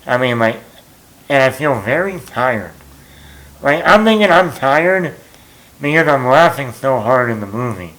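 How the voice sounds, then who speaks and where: Guy rambling thru a movie story, self-mocking, lots of ums, medium pitch voice. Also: animated, measured pace, long pauses, a bit bright, rough recording. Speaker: movie vlogger. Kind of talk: casual storytelling.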